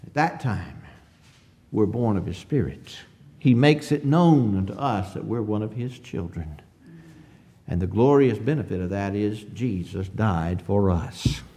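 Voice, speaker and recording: A man preaching a sermon in an emphatic cadence, stretching out phrases, swelling on key words and often clearing his throat. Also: lowish voice, animated, unhurried, dark tone.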